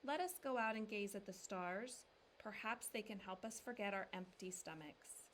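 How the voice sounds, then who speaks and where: Storybook papa, warm and wise, read by a woman, lively lifts of pitch. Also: normal speed, slight background noise, close to an everyday voice. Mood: gentle. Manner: sage, proverb-quoting, exclaiming with joy. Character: kindly, wise old father, hopeful.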